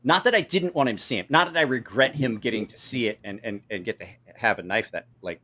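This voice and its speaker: A man's voice: medium pitch, fast, pushed and bright. A middle-aged man hosting a casual live chat, telling salty stories and acting out quotes. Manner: swearing storyteller, acts out quotes. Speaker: host.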